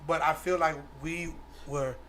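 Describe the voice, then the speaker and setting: A man co-hosting a podcast in casual group chat, animated and stumbling over restarts. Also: a little high, measured pace, background noise. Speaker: podcast co-host.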